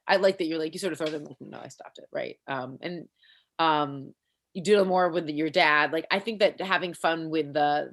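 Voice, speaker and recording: A chatty woman gives loose, rambling notes on a comedy set, laughing between thoughts. Her voice sits a little low. She comes through a video call. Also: fairly bright tone. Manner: rambling, chatty, laughs often, many fillers. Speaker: comedy workshop feedback giver. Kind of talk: casual spoken feedback.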